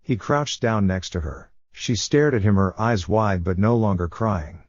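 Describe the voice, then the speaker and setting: A man narrating a fiction story in a steady storytelling manner. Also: lowish voice, normal speed, hardly any pauses, no echo. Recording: dull dry lo-fi recording.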